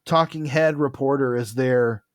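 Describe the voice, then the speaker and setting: A man's voice: mid-range voice, measured pace, dry recording. Man, podcast co-host, casual chat, retells comic dialogue, dry close sound.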